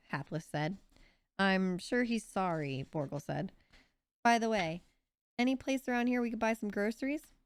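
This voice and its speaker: A woman's voice: lowish voice, moderate pace, smooth, no echo. Woman reading a kids' novel aloud. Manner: lively, with small voice shifts for each character. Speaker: reader.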